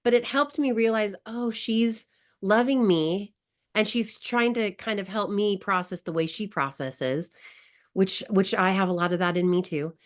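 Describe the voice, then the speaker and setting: A woman's voice: mid-range voice, a little slow. A woman guest coach who tells a personal story in an online wellness class, emotional and laughing often. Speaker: grief recovery guest coach.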